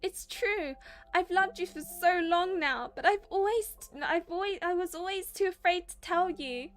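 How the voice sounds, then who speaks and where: A woman voicing a young woman in a romance game, alternately desperate and spoiled, speaking high and emphatic. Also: a little slow, faint music behind. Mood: pleading. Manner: high-pitched, loud and emphatic. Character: young woman, desperate lover then haughty spoiled girlfriend.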